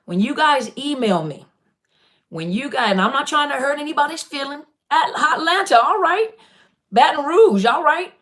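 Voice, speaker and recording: A woman's voice: sits high, expressive, moderate pace, fairly bright tone. A woman hosts a live-stream Q&A from her webcam. She talks casually and animatedly to viewers, often repeating "listen" to get their attention. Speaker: online coach on narcissist abuse, live Q&A host.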